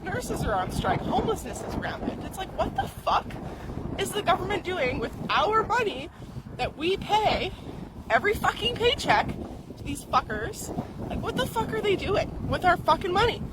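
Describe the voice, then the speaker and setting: A woman's voice: very high voice, big pitch swings, normal speed. A young woman ranting angrily and profanely, with sarcastic mock voices, recorded in a moving vehicle. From Canada. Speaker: ranting vlogger. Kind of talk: angry profane rant. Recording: loud wind and vehicle noise behind.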